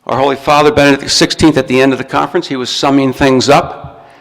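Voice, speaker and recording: Man lecturing, gravelly voice in a hall. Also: medium pitch, steady tone, fast. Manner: explains step by step, shows a book, restarts words often. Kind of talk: recorded talk to an audience. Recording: long reverb from a hall.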